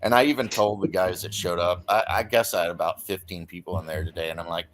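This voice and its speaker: A man hosting a casual online chat, telling stories in an animated, ranting way. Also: sits low, fast talker, few pauses. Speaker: host.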